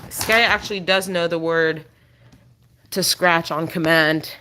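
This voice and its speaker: A woman's voice: lowish voice, steady tone, a little slow, sharp tone. A woman chatting casually on a live stream at home, coaxing her dog in a sing-song voice between remarks. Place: indoor room at home.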